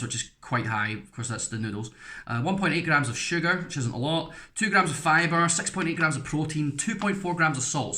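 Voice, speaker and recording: A man's voice: medium pitch, pushed and bright. An English man giving a casual, frank food review, rambling through chatty asides as he tastes.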